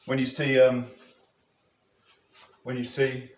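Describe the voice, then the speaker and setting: A man rambling and musing as he cooks, with many halting restarts and self-corrections. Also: medium pitch, completely flat delivery. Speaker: cooking vlogger. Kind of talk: rambling talk while cooking. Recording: roomy, slightly dull audio with faint noise.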